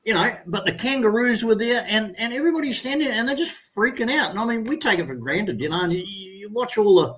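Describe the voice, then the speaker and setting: A man's voice: sits high, animated, fast talker, few pauses. An Australian man in his sixties, a guest in a casual chat, talking in a rambling, enthusiastic way and swearing freely.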